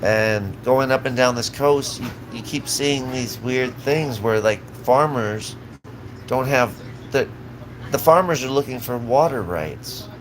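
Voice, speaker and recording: A man's voice: mid-range voice, slow, noisy background. A man from Southern California, ranting on a live stream in an agitated, profane, rambling way full of restarts.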